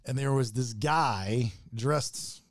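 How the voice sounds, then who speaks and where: A man's voice: takes it slowly, no room sound, studio quality. A man in casual podcast chat, telling a story with acted-out quotes and frequent swearing. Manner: animated storyteller, acts out quotes with big pitch jumps, swears freely.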